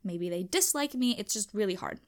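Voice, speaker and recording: A young woman hosting a podcast, chatting casually and emphatically on her own, animated and self-reflective. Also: mid-range voice, a little fast. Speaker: podcast host. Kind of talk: casual solo chat.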